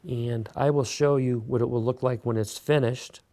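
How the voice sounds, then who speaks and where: A man hosting a beginner clay sculpting tutorial, talking relaxed and casual while he works. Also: medium pitch, moderate pace. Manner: relaxed, talks while working, many fillers. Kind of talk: step-by-step craft tutorial.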